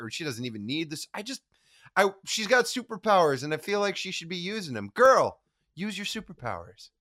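A man co-hosting a podcast, recapping a TV episode in an animated, jokey way and swearing freely. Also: a little high. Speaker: podcast co-host. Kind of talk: casual episode recap chat.

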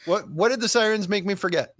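A man's voice: high-pitched, quick pace, no echo, clean studio sound. A man co-hosting a casual movie podcast, rambling and swearing freely as he recaps scenes. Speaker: podcast co-host. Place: Los Angeles.

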